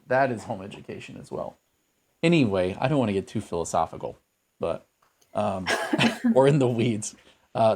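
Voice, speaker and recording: A man's voice: fairly low pitch, darkish tone. A man co-hosting a podcast, talking in a thoughtful, rambling way with many fillers and restarts. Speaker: podcast co-host. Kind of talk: casual podcast chat.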